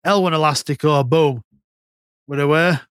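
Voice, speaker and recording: Guy chatting on a podcast, kinda high voice, swears a lot, dry close mic. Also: normal speed, smooth, no echo. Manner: swears freely, rambling and animated. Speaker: podcast co-host. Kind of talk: casual chat.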